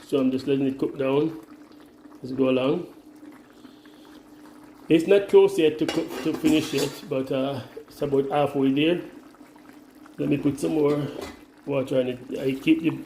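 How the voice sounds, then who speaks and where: A man's voice: fairly high pitch, steady tone, normal speed, long pauses, dark tone, a little hiss or hum. A Jamaican man vlogging at home while cooking, rambling and exasperated, repeating himself as he talks. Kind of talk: casual vlog while cooking. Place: home kitchen. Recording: echoey room.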